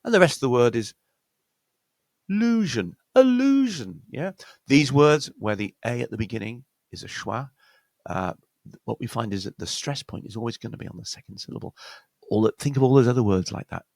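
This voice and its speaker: A man's voice: medium pitch, animated, brisk, creaky, no room sound. A man with a British accent giving a pronunciation lesson as an accent coach, explaining step by step and often checking in with "yeah?".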